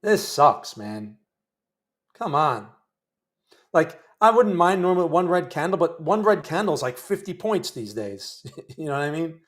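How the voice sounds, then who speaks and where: A man's voice: a little high, sing-song, unhurried. Chatty, wry man narrating live trades. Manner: chatty, wry, talks to viewers while trading. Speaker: day trading livestream host. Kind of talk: live trading commentary.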